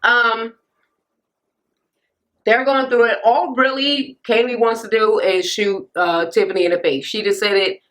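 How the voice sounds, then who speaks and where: A young woman ranting through a casual reality TV recap, blunt and sassy, swearing freely and jumping into sudden high squeals. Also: steady tone, a little slow, fairly bright tone, rough recording. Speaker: vlogger reviewing reality TV.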